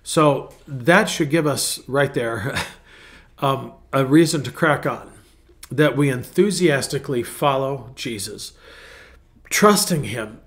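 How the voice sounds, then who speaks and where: A man's voice: medium pitch, slow, a bit bright. A man pastor who gives a casual devotional talk, rambling and correcting himself as he goes. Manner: rambling, self-correcting, clears throat.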